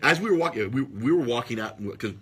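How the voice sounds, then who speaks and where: A podcast host from the Los Angeles area tells an excitable story in casual chat, speaking fast in a medium-pitched male voice. He swears freely and bursts into loud, shrieking impressions.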